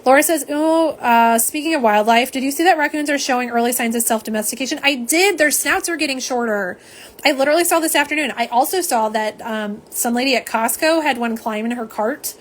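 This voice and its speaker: A woman's voice: high voice, a little fast. A woman chatting through a live nail polish swatch stream at home, rambling and reading out viewer comments. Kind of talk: live unboxing chat.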